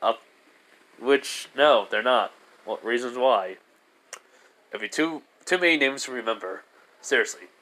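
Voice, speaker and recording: A man's voice: medium pitch, unhurried, long pauses, sharp tone. A man retells a fan story in a loose, casual way. He rambles, stops and restarts, and laughs often along the way.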